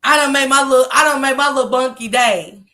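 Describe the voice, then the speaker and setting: A woman's voice: high-pitched, quick pace, bright, forceful tone. A woman telling a story to her live chat in a casual way, laughing often and acting out what other people said.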